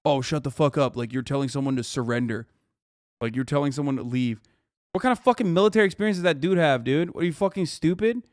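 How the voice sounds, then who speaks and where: A man's voice: a little high, quick pace, a little mellow, no echo, clean studio sound. A man streaming a reaction video, ranting at his chat with heavy swearing and rising anger. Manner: profane, heated ranting at chat. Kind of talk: livestream reaction commentary.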